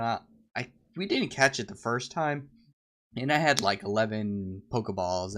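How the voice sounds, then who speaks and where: Brief: low-ish relaxed male co-host, rambling casual chat. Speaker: podcast co-host.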